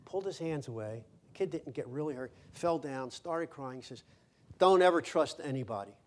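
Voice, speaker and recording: A man's voice: mid-range voice, normal speed, a little mellow. Emphatic male pastor preaching a sermon. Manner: emphatic, repeats words when stressing a point; asks the congregation questions.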